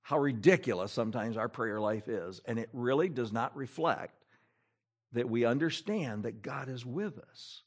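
A man preaching a sermon in a church as pastor, animated, full of rhetorical questions and repetition. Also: medium pitch, moderate pace, slightly rough.

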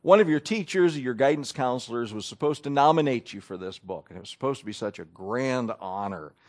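A man's voice: medium pitch, expressive, a little fast, darkish tone. A man preaching a sermon in a conversational way, asking his listeners questions as he reads and explains scripture.

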